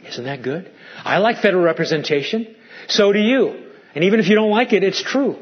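A male pastor preaching a sermon with animated delivery, swinging from loud to hushed. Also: high voice, a little fast. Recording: muffled lo-fi sermon recording.

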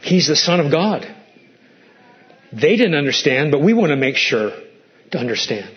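A man's voice: a little high, very animated, moderate pace, dull audio. A male pastor preaching a sermon, asking the congregation pointed rhetorical questions and acting out quoted lines in a raised voice.

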